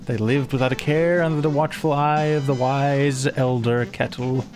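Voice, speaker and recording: A man's voice: mid-range voice, steady tone, moderate pace, music in the background. A man hosting a casual let's play, reading the game's story aloud in a playful way. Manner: playful, reads in an old-timey voice.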